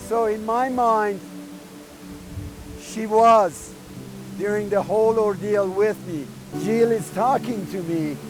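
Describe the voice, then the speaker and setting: Man, middle-aged, high-pitched, earnest documentary interview, music underneath. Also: poor audio. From Iran. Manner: earnest, halting recollection.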